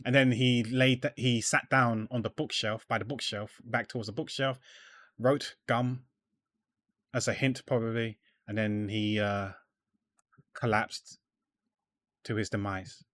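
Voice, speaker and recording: A man giving casual, rambling commentary while playing a game, full of fillers and restarts that trail off quietly. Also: mid-range voice, little pitch movement, measured pace, long pauses, dry recording. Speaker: gamer.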